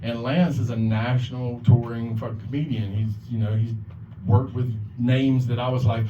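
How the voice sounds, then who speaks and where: A man's voice: mid-range voice, fairly even intonation, moderate pace, dark tone, slight background noise. A man doing a rambling, profane stand-up set as the open mic host, acting out the voices of the people he quotes. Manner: profane, rambling, swears a lot. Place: bar or club stage. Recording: echoey, lo-fi, from far off.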